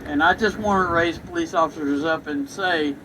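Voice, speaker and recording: A man, an ordained minister, speaking earnestly and haltingly to a crowd at an outdoor vigil. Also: on the high side, pushed and bright, slight background noise, poor audio. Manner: earnest, halting, searching for words. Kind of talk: impromptu remarks to a crowd. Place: outdoor town square.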